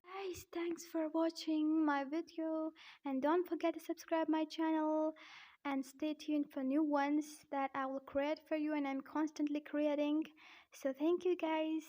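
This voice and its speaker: Woman, young adult, high voice, soft mellow tone, online lesson, slow example words. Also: fairly even intonation. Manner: calls listeners "guys" often, says example words side by side and slowly. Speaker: English teacher.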